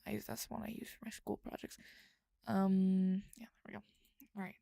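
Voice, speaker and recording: A woman's voice: mid-range voice, level tone, fairly quick, vocal fry, dark tone, no echo. A young woman streaming as she writes, chatting casually and rambling, often dropping to a mumble or whisper as she types. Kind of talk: casual live-stream chat while writing.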